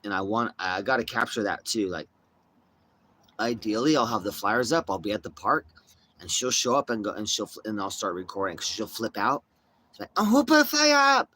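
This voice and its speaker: A man's voice: fairly low pitch, moderate pace, sharp tone, a little hiss or hum. A man chatting casually to his viewers, telling rambling, profane stories full of slang. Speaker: streamer.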